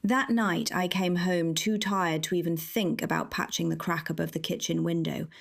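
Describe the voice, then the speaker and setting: A woman narrating a first-person cozy mystery audiobook in a measured, wry way. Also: lowish voice, steady tone, gravelly.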